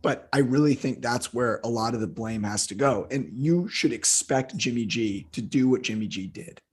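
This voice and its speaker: A hoarse man co-hosting a football podcast, ranting in heated, profane casual chat. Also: mid-range voice, moderate pace. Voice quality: husky. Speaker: football analyst co-host.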